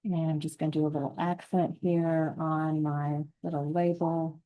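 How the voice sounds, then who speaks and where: A woman giving a relaxed, encouraging step-by-step painting lesson, thinking aloud as she paints. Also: deep voice, moderate pace, poor audio. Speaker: painting instructor.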